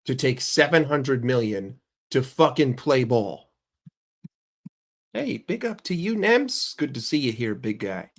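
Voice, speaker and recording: A man's voice: medium pitch, lively intonation, a little slow. Profane, heated male football streamer. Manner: questions the chat directly. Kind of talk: livestream football rant.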